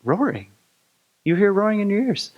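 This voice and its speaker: A man's voice: mid-range voice, quick pace, dry recording, dull audio, natural voice. A man voicing a knowing male raccoon who guides a mouse in a spoken folktale, casual and easygoing. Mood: surprised.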